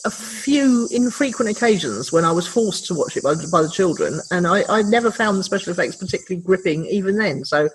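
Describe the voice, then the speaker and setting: A woman's voice: on the low side, expressive, fairly quick, few pauses, a little hiss or hum, poor audio. A woman in her fifties co-hosting a podcast in casual chat, telling stories in a dry, wry way. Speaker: podcast co-host.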